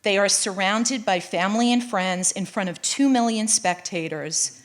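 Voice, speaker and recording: Middle-aged woman, writer reading her personal essay live; measured, earnest delivery, mid-range voice. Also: mid-range voice. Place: college event space, live audience.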